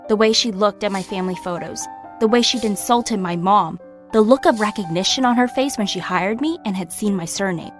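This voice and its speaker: A woman's voice: medium pitch, brisk, soft background music. A young woman narrating her own story in the first person, emotional and confiding.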